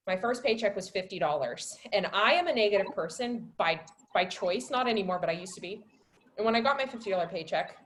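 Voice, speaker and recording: Woman, 20s, wellness coach; emotional, chatty testimony with many fillers and sudden high, loud peaks. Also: animated, fast, slight background noise. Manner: emotional storytelling, heavy "like" fillers; rises high and loud when reliving moments. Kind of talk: personal testimony on a webinar.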